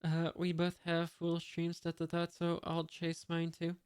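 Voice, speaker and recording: A reader voicing a young male ship's cook while reading a comic aloud, slow and even, with no real change of voice. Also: medium pitch, clear, resonant tone, lightly acted. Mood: resolute. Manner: reads the lines slowly and evenly, with no real change of voice.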